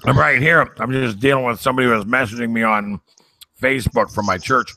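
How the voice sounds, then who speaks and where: A man's voice: mid-range voice, steady tone, brisk, creaky, bright, forceful tone. A man co-hosting an online talk show, telling stories earnestly and building into preaching. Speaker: co-host. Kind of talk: casual chat, preachy at times.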